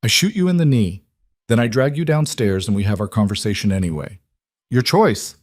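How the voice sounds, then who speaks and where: Narrator voicing a controlled Russian gangster, calm menace, deep and dry. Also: male voice, brisk, no echo. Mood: menacing. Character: cold, calm male Russian mob boss.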